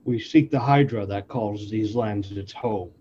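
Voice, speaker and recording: A man playing a tabletop game, speaking in a low-key, measured way. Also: dark tone, breathy edge. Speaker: player. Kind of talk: tabletop role-play. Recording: dull lo-fi mic with faint noise.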